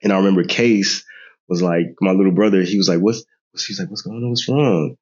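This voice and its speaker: A podcast guest in his thirties retells a family story, casually and with animation, mimicking other people's voices and laughing often. His voice is deep and a little fast, and the recording sounds dull and lo-fi.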